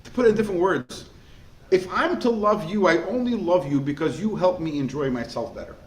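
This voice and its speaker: A man, a rabbi teaching a class, in a lively way, often asking the listeners questions. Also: sits high, a little fast. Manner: animated, asks the class rhetorical questions. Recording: echoey room with faint noise.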